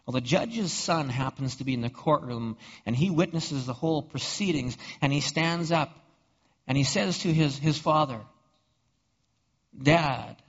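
High-voiced pastor preaching. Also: male voice, normal speed. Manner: rhetorical questions, frequent repeated words. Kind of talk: sermon. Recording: dull reverberant hall recording.

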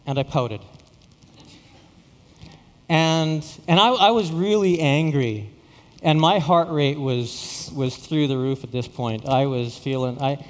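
A man's voice: mid-range voice, in a large hall, slight background noise. A middle-aged man from Saskatchewan, a pastor telling a story in a sermon, often repeating words with self-deprecating humor. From Saskatchewan, Canada.

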